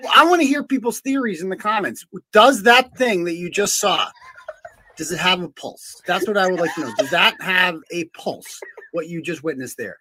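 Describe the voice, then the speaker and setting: A man's voice: sits high, animated, normal speed, sharp tone. A man commenting on a video clip in a mocking, incredulous way.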